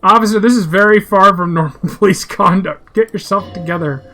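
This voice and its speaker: A man's voice: high voice, fairly quick, bright, forceful tone. A man voicing a stern, composed police lieutenant in a detective role-playing game, with a dry, disapproving delivery.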